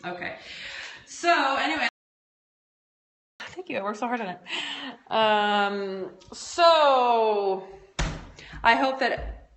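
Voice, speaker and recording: Woman, athlete hosting a home livestream, chatty and meandering, bright, slightly high voice. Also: animated, slow pace, pauses often, a little hiss or hum. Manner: chatty, rambling, many fillers. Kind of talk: casual livestream chat. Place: room at home. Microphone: phone livestream. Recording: roomy home recording.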